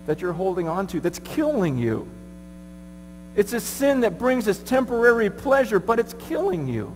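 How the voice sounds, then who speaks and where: A man preaching a sermon at a conference, moving from hushed pleading to shouting. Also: high voice. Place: large conference hall. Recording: echoey hall with mains hum.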